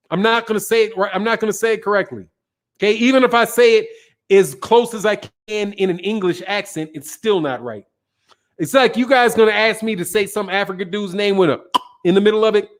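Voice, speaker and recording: A man hosting a casual live stream, reading viewer comments and answering in a brash, profane, emphatic way, often repeating himself. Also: high voice. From Chicago. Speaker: boxing talk show host answering viewer chat.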